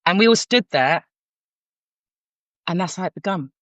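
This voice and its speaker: A middle-aged woman from North London, England, with a London accent, speaks at a normal speed in a lowish voice as a podcast guest. She's a counsellor telling a candid story, frank and animated, with many restarts. The recording is dry, with a dull lo-fi sound.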